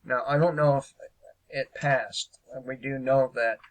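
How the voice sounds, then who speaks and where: A man's voice: medium pitch, steady tone, a little slow, rough recording. A man hosting a casual political commentary show, speaking hesitantly with lots of fillers and a sarcastic edge.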